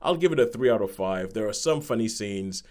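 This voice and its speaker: A man's voice: on the low side, animated, a little fast, darkish tone. A man casually reviewing a film on a podcast, rambling and repeating words as he acts out bits of dialogue.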